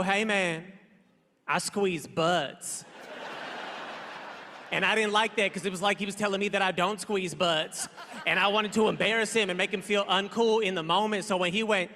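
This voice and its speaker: A man in his thirties doing a stand-up routine on a large stage, punchy and loud, acting out his quotes. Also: high voice, background noise. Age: 30s. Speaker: stand-up comedian. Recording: reverberant large hall.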